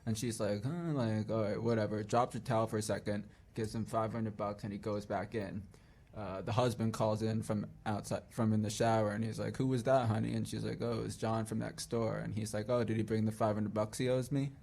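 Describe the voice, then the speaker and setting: A man's voice: on the low side, level tone, a little fast, gravelly, few pauses, darkish tone. A man co-hosting a casual radio chat, telling a joke in a rambling way with restarts. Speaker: radio show co-host.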